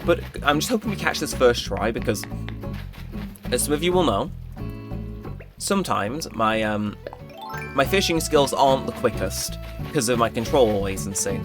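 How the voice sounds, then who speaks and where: A young man casually commenting on his gameplay, chatty and joking, now and then jumping into high-pitched exclamations. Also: lively intonation, normal speed, long pauses. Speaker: gaming channel host. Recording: game music playing behind. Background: game music.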